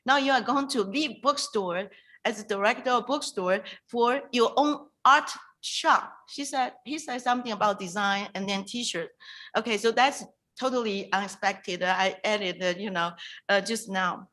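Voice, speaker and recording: A woman hosting a virtual reading night, introducing a poet in an emotional, halting way over a video call. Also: mid-range voice, sharp tone, rough recording. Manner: emotional, halting, with restarts and pauses. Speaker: event host introducing a poet.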